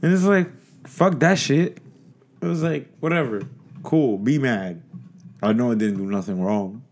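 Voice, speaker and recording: A man's voice: mid-range voice, unhurried, a little mellow. Profane rambling man ranting on a podcast. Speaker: podcast co-host. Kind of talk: casual ranting chat.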